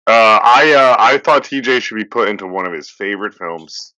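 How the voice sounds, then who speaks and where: A low-pitched man chatting on a podcast, his voice swinging widely in pitch with a bright, sharp edge. The recording is dry and slightly muffled, with no room sound. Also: normal speed, no room sound. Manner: animated, rambling, playful. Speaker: podcast co-host. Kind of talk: casual chat.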